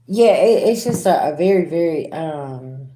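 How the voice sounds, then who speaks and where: A woman's voice: low voice, expressive, measured pace, dark tone, echoey room. A woman giving a casual tarot reading to her viewers, talking bluntly with sass, slang and swearing. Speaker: tarot reader.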